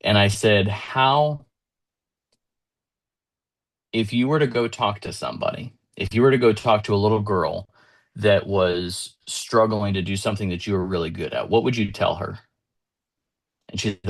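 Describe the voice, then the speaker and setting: A man with a low voice gives an earnest motivational talk. He is in his thirties. Now and then he retells conversations with his child, shifting his voice a little for each part. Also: moderate pace. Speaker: motivational speaker.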